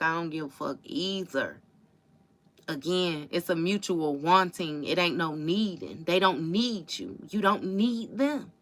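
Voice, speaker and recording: A woman's voice: on the low side, fairly bright tone. A woman doing a casual tarot reading livestream, blunt and profane, often repeating herself for emphasis and calling listeners baby. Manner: emphatic repetition. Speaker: tarot reader.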